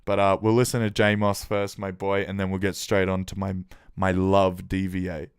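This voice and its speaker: A man hosting a casual livestream, reacting with excitement to listeners' tracks, swearing often and giving shout-outs. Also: sits low, normal speed, smooth, no echo, clean studio sound.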